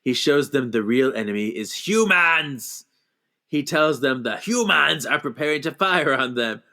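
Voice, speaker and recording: A man's voice: mid-range voice, lively intonation, unhurried, sharp tone. Laughing man recapping a film plot. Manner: playful, acts out characters' lines while recapping, laughs often. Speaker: podcast co-host. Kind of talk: casual movie recap chat.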